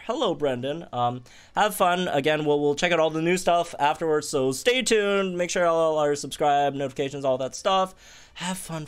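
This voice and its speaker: Excitable man reacting to a game update. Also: fairly high pitch. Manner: excitable, breaks into squeals and laughter. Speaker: gaming youtuber.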